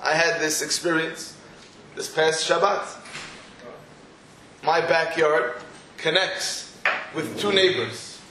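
A man's voice: fairly high pitch, fairly even intonation, slow, pauses often, sharp tone, roomy sound, slight background noise, rough recording. A man, giving a weekly Torah class. He poses rhetorical questions and breaks into storytelling asides. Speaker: Torah teacher.

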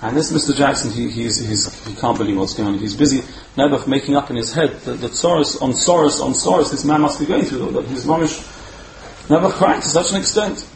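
A man giving a storytelling sermon as a Torah speaker, animated and repeating words for emphasis. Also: medium pitch, fairly quick, vocal fry. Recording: roomy echo, faint background hum.

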